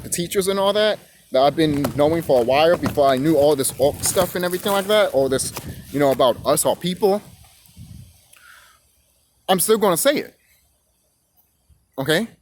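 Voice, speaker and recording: A man's voice: a little high, normal speed, pauses often, slight background noise. A young man ranting to camera, rambling, repeating himself and cursing freely. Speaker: vlogger. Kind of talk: profane rant to camera.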